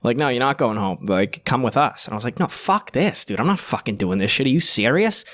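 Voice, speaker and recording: A man's voice: mid-range voice, a little fast. Profane young man telling a story. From Boston. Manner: profane, animated storytelling with many fillers. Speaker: podcast guest. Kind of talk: casual storytelling.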